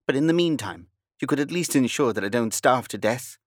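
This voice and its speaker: Haughty young English noblewoman, indignant and prim; male narrator puts her on, pitched high. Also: animated, brisk, no echo, studio quality, lightly acted. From England.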